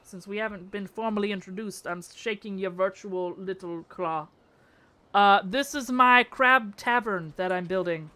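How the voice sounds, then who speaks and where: A young woman live-streaming, chatting casually with her chat in a bubbly, slangy way that bursts into excited shouts. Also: medium pitch, a little slow.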